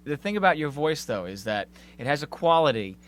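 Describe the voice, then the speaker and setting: A man's voice: fairly high pitch, big pitch swings, a little fast. A man hosting a radio interview, enthusiastic and joking in easygoing chat. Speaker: radio host. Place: radio studio.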